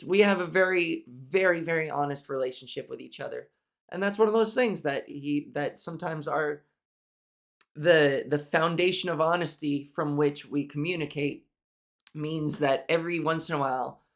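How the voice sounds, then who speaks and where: Nasal, frank-talking woman podcast host. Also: creaky. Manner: frank, profane, venting with restarts; consciously pitching her voice up and resonance forward. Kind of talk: solo podcast chat. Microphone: camera mic angled up from below.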